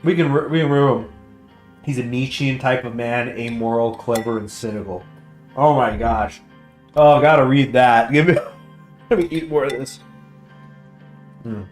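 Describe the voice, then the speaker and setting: A man's voice: mid-range voice, normal speed, pauses often. Chatty man reading game text. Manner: chatty, stumbles over foreign names. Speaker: let's play host. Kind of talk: casual gameplay commentary, reading game text aloud. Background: faint guitar music.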